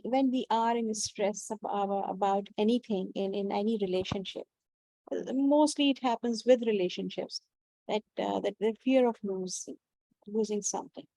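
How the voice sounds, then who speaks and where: Earnest woman with a dark, mellow voice. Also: mid-range voice, no echo. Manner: earnest, halting with restarts. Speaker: discussion group participant. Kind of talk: casual group discussion.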